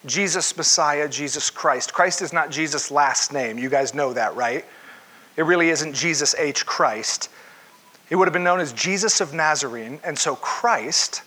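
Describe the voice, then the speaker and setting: A man's voice: a little high, pushed and bright, slightly rough. A male pastor preaching a conversational sermon to his congregation, asking them questions along the way.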